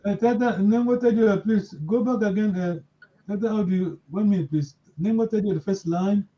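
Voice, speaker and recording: A man's voice: sits high, fairly quick. Patient male language teacher, lo-fi sound. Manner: patient, correcting pronunciation with repeated prompts. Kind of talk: live language lesson. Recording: dull lo-fi audio.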